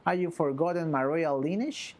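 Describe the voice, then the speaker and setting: A woman's voice: sits low, moderate pace, a little mellow, close to an everyday voice. Woman putting on a pompous would-be noble man. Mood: haughty. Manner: haughty, archaic, grandiose phrasing. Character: pompous self-styled noble man, thirties. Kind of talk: reading game dialogue aloud.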